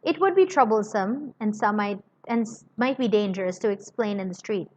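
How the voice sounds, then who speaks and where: Voicing a cool, sardonic Englishman, a woman reads in measured, quietly cutting sentences with a medium pitch that sounds close to everyday speech. The recording is lo-fi and a bit muffled, carrying a little hiss or hum.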